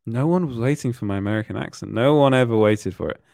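A man's voice: mid-range voice, fast talker, creaky, a little mellow, dry recording, clean studio sound. A young British man hosting a casual chat, telling rambling stories and laughing often. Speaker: podcast host.

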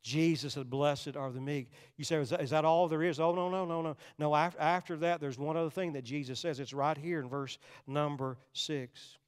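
An older man preaching a sermon, swinging between loud, urgent passages and hushed, quiet ones. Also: on the high side, fairly even intonation, normal speed, hardly any pauses, clean tone, big-room sound. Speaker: pastor.

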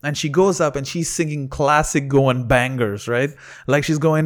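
A man telling a lively story in casual chat, acting out quotes and laughing often. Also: on the high side, normal speed. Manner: animated, laughing storyteller who acts out quotes. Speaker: comedy producer and comedian.

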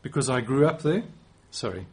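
A man's voice: mid-range voice, animated, moderate pace. A man in his forties with a South African accent, giving a conversational sermon with occasional restarts and light self-deprecating humor. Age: 40s. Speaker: preacher.

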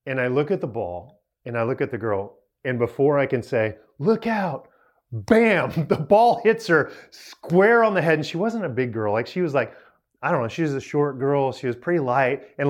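A man in his forties giving a storytelling talk as a youth speaker, animated and poking fun at himself as he laughs through it. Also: mid-range voice. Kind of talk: storytelling talk to a young audience.

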